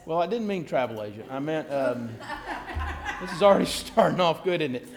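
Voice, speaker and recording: A man's voice: a little high, big pitch swings, normal speed, vocal fry, a crowd in the background. A man pastor giving a conversational sermon, telling a joke with self-deprecating asides.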